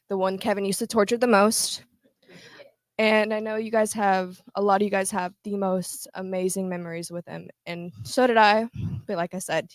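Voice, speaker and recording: A woman speaks at a memorial, tender and fighting back tears. Her voice sits at a middle pitch and the sound is close and dry. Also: no room sound. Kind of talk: memorial speech.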